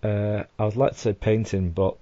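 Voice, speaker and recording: A man's voice: on the low side, level tone, moderate pace, warm tone. A man on a podcast as a guest, talking in a dry, self-deprecating way. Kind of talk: casual group chat. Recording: dry, dull lo-fi sound.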